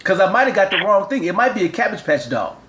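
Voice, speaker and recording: Rambling, lecturing dad. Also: male voice, high voice, sing-song, fast talker, a bit bright, slight background noise. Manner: rambling, repeats himself, lecturing. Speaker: father and show host. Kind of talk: comic rambling phone call.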